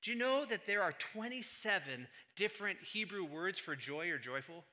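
A man preaching a sermon as pastor, moving between quiet, low asides and loud, emphatic stretches. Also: animated, normal speed.

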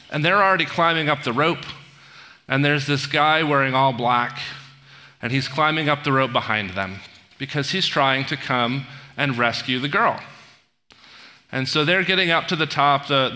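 A man's voice: fairly high pitch, sharp tone. A man preaching a conversational sermon, telling a story with asides and questions to the congregation. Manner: storytelling, retells film scenes with asides and audience questions. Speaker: pastor. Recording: long hall reverb.

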